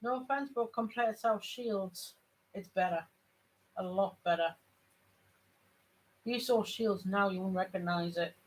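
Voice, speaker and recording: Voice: mid-range voice, measured pace, pauses often, low-quality recording. A vlogger from Sunderland with a northeast English accent, chatting casually and telling stories full of restarts. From Sunderland, northeast England. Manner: rambling storyteller, many restarts. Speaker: family channel vlogger. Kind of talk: casual chat.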